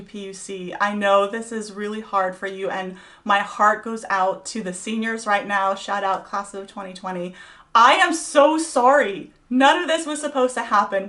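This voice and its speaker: A middle-aged woman speaks at a college vespers service in a relaxed devotional talk. She sounds chatty and encouraging, with plenty of ums and likes, at a mid pitch. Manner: warm, chatty and encouraging, with many fillers.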